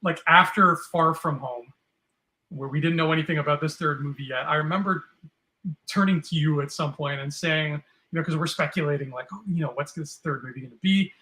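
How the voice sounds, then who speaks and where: A man co-hosting a podcast in casual chat, telling animated stories and dropping into silly voices for quotes. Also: fairly high pitch, a little fast. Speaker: podcast co-host.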